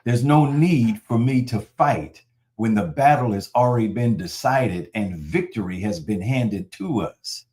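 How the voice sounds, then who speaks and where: Man, pastor, sermon, lowish voice, conversational, animated storytelling. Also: a little slow.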